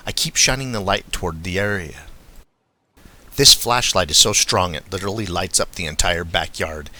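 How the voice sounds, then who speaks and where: A man reading a first-person witness account aloud in a steady, measured way. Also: low-pitched. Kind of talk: scripted first-person narration.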